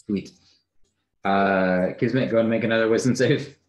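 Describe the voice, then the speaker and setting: Deep-voiced man running a tabletop game. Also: normal speed. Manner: relaxed, casual, with many fillers. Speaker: game master. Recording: roomy echo.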